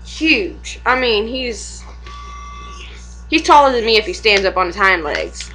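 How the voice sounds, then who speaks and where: A woman's voice: medium pitch, very animated, measured pace, pushed and bright, a little hiss or hum, poor audio. A young woman and mother chatting casually at home for a vlog, rambling, swearing freely and laughing often.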